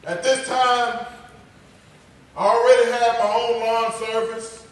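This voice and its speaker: A fairly high-voiced, middle-aged Texan motivational speaker shares his personal testimony slowly, with little pitch movement, swinging from loud to hushed. His voice rings through a big echoey hall, caught from some way off the mic over a faint hiss.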